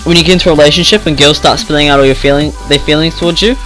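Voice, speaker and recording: Teen boy, bright, slightly high voice, rambling and swearing, faint music underneath. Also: steady tone, rapid-fire, poor audio. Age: teens. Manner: rambling, swears freely, lots of "like". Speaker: vlogger. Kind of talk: casual storytime rant.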